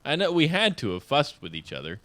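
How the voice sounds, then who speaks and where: Animated, giggly young man. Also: fairly high pitch, fairly quick. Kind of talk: casual chat.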